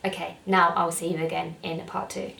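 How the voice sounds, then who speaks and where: A woman's voice: on the low side, little pitch movement, a little fast, gravelly, recorded from a distance, noisy background. A young woman talking casually to camera as a vlogger, chatty and rambling, with lots of fillers. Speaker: beauty vlogger. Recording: roomy sound, mic set back.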